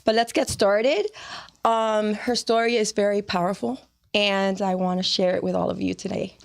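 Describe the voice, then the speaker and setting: A woman's voice: medium pitch, steady tone, moderate pace, gravelly. Encouraging woman hosting an interview. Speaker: host. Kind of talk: casual interview chat.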